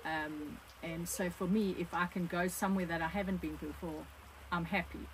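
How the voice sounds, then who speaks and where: A woman's voice: fairly low pitch, fairly even intonation, normal speed. An older woman with a South African accent chats freely beside her co-host, jumping in with additions. Her voice is recorded through a phone camera with a faint background hum. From South Africa, born in Scotland. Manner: chatty, chiming in with additions. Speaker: overlanding vlog co-host. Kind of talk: casual Q&A chat. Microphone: phone propped on a wine box.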